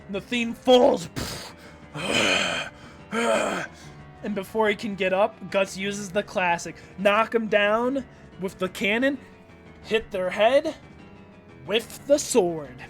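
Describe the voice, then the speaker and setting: A man's voice: sits high, takes it slowly, a bit bright, soft background music. A man reading a comic aloud in a loose, casual way, breaking off to comment, swear and laugh. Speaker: manga read-along host.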